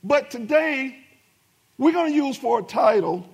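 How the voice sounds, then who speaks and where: A man's voice: very high-pitched, lively intonation, measured pace, vocal fry, husky. A middle-aged man preaching a sermon as pastor, with emphatic rising bursts and many repetitions.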